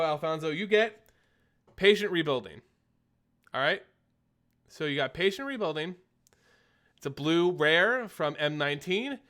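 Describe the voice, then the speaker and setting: A man's voice: on the high side, sharp tone. A young man hosting a casual live stream, chatting and answering viewer questions, a little phlegmy. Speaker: streamer host.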